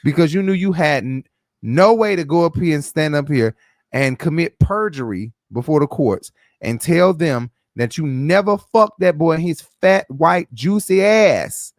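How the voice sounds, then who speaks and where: Male host for loose gossip commentary: blunt, swears freely, slightly high-pitched, dry and close. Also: lively intonation, unhurried, dry recording. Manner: profane, blunt and opinionated.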